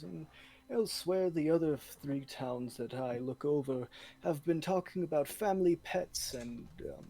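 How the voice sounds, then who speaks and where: A man's voice: on the high side, creaky, mellow, heavily acted. A man doing a pompous, forgetful lord. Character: pompous, forgetful male lord reporting troubles.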